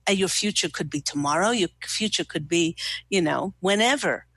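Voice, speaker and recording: A woman hosting a talk radio show, giving a spiritual card reading to a caller in a slow, gushing, soothing way. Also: fairly low pitch, a bit bright, no echo. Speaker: radio host and angel card reader.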